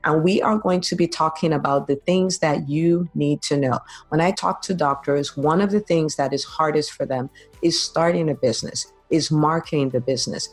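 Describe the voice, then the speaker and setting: A woman's voice: sits low, normal speed, faint music behind. A woman hosting a podcast as a business coach, talking in an upbeat, encouraging way and laughing often. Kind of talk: casual interview chat.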